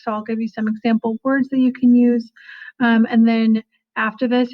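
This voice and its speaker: A young woman teacher giving a casual recorded lesson, full of fillers and "kinda". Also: fairly high pitch. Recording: slightly dull lo-fi audio.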